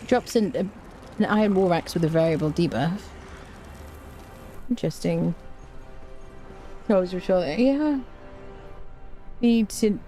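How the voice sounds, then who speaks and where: A woman from Britain streaming a game, chatting casually and reading chat aloud, ranting with energy. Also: medium pitch. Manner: chatty, reads chat aloud, animated rants. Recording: faint background noise.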